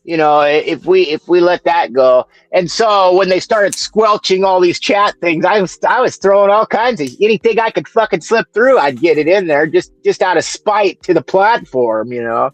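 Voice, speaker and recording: A man in a casual chat, speaking haltingly with many restarts and frequent swearing. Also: high voice, lively intonation, low-quality recording. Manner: halting, profane, full of restarts. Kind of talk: casual conversation.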